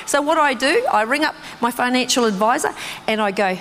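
A woman preaching in a church hall, her fairly high voice carrying a long reverb. She tells her testimony in a lively, storytelling way, leaping up in pitch as she acts out her own reactions. A faint hum of room noise sits underneath. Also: a little fast. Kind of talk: sermon with personal testimony.

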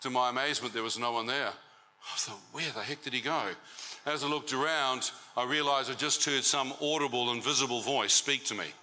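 New man, mid-pitched and very bright, animated testimony storyteller at a church talk. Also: fairly quick, a little hiss or hum, rough recording. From New Zealand. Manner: animated storytelling with crowd banter. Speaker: speaker giving a testimony.

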